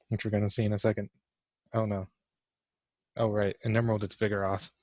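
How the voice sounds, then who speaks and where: A man's voice: lowish voice, a little mellow, no echo. A young man giving casual let's-play commentary for a class vlog, awkward and joking at his own expense. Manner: awkward, self-mocking joking. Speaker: gamer doing a class vlog.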